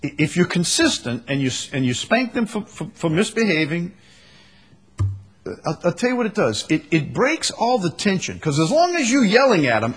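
A man preaching a sermon, animated, acting out scenes with a raised voice and taking questions from the congregation. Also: sits high, moderate pace, husky. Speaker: pastor.

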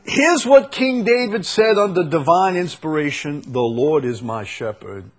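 A man preaching a sermon, repeating key phrases and swinging between loud proclaiming and quiet intensity. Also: on the high side, lively intonation, measured pace.

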